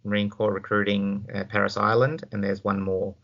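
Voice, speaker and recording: A man's voice: fairly low pitch, level tone, moderate pace, creaky, a bit bright, dull audio. A man hosting a podcast, prompting his guest with short follow-up questions. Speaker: podcast host. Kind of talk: interview questions.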